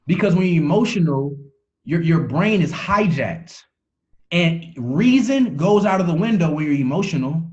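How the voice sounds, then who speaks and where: A man with a fairly high voice gives a motivational talk over a dull, lo-fi call line. He preaches in repeated phrases, stumbling and restarting words as he pushes his point. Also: expressive, normal speed, darkish tone. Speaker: motivational speaker.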